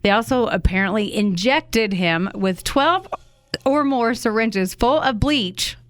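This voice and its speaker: A woman co-hosting a true crime podcast recounts a case casually and conversationally, throwing in indignant, swearing asides. Her voice is a little high and measured in pace, with no room sound.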